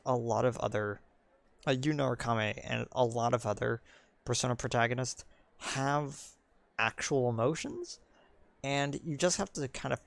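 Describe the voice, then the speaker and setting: A man's voice: mid-range voice, creaky, dry recording. A young man giving casual commentary while streaming a video game, rambling and full of ums and likes.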